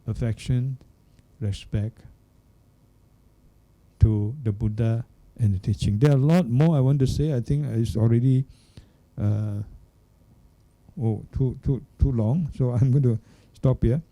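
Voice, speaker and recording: An older man, a Buddhist monk, giving a dharma talk in an unhurried way, pausing to search for words and checking in with the listeners. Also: medium pitch, steady tone, warm tone. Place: Buddhist centre hall.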